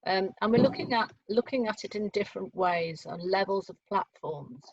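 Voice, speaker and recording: A woman's voice: medium pitch, moderate pace, breathy edge, dry recording. A woman, leading a choir rehearsal over a video call and explaining things step by step with plenty of fillers. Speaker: choir leader. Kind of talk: online choir rehearsal teaching. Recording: dull lo-fi video call audio.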